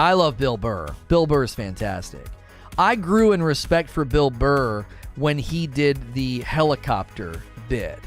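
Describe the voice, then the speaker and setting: A man hosting a livestream, chatting casually with viewers and reading out their comments, animated and given to trailing off quietly at the ends of his thoughts. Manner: animated, with sudden high-pitched bursts when quoting. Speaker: livestream host.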